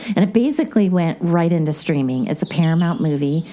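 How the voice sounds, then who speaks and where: A woman's voice: fairly low pitch, expressive, fairly quick, dark tone, a little hiss or hum. A woman hosting a podcast, recapping a movie in a rambling, chatty way with many asides. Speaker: podcast host. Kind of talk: casual movie recap chat.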